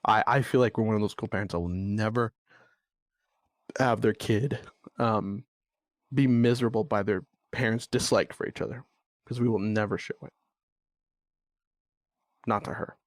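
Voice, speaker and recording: Venting bluntly about co-parenting, a young man delivers a candid podcast monologue full of free swearing and exasperation. He speaks at a moderate pace in a fairly low voice with long pauses, and the studio-quality recording has no echo.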